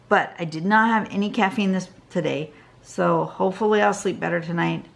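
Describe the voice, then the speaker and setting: A woman's voice: lowish voice, brisk, vocal fry, hardly any pauses. A woman giving a casual drawing tutorial, chatty and thinking aloud as she draws, sounding tired. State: tired, yawning. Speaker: drawing instructor. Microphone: camera over a drawing desk.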